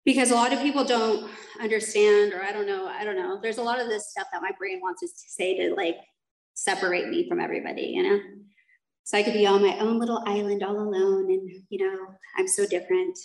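A woman speaking a little fast, with a mid-range voice and fairly even intonation, shares her own story with a recovery group. She's candid and rambling, self-deprecating and quick to laugh, captured in a reverberant, low-quality recording.

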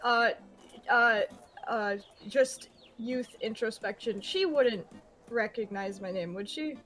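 A woman's voice: fairly high pitch, slow, a bit bright, slight background noise. A woman player in a tabletop game who talks in a hesitant, playful way with many uhs. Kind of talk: casual tabletop play.

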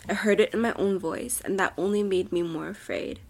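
A young woman with a soft, breathy voice reads a creepy story aloud for a podcast. She drops to a near whisper whenever the tension builds. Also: mid-range voice, steady tone, a little fast. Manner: drops to a whisper at tense moments. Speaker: podcast co-host reading a story. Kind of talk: dramatic horror story reading.

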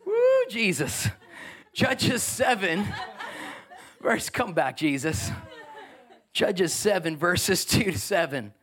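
A middle-aged man, preaching a sermon as pastor in an animated, joking way with asides to the congregation. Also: high voice, takes it slowly, long pauses.

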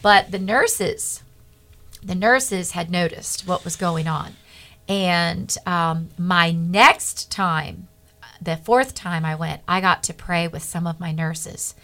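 A middle-aged woman, a guest on a Christian talk show, telling a personal testimony in an earnest, animated way and acting out the dialogue. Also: on the low side, slow pace.

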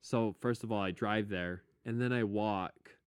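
A young man chatting casually and swearing freely while he tells a long story, his voice low and smooth. The sound is dry and close, with no room around it. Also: a little slow, no echo. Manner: swears a lot, animated storytelling. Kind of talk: casual chat.

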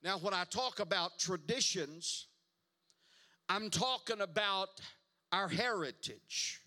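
A man's voice: sits high, animated, takes it slowly, bright, forceful tone. A man preaching a sermon as pastor, emphatic, repeating words and calling the congregation to answer back.

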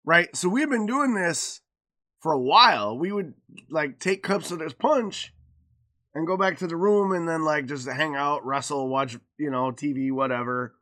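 A man, a podcast co-host telling a story in casual chat, acting out the quoted lines with loud swings and a mouthy, cussing manner. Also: a little high, normal speed.

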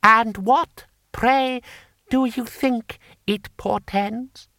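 A man voicing an imperious, cold-tempered male warlord who sneers and snarls in a high, tight voice. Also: expressive, a little slow, pushed and bright, dry recording, studio quality, exaggerated voice. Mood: shrill, sneering.

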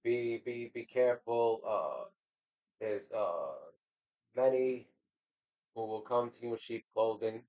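A man who is a guest on a casual faith podcast, speaking in a halting, preachy way and repeating words. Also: mid-range voice, darkish tone, dull audio.

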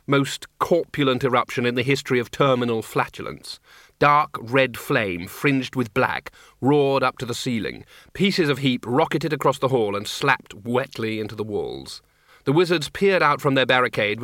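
A man narrating an audiobook in a dry, measured comic reading. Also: mid-range voice, lively intonation, fairly bright tone, no echo. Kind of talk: scripted narration.

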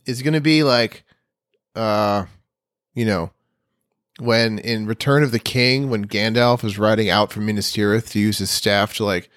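A man's voice: lowish voice, fairly bright tone, no room sound, studio quality. A man co-hosting a podcast in casual chat, rambling and playful, often restarting his sentences. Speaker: podcast co-host.

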